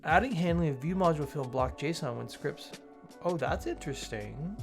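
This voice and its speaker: Gravelly-voiced man hosting a casual stream. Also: a little high, lively intonation, moderate pace, music in the background. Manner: rambling, self-correcting, greets chat viewers; reads changelog items aloud and comments. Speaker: livestream host reviewing software updates. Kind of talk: casual livestream chat.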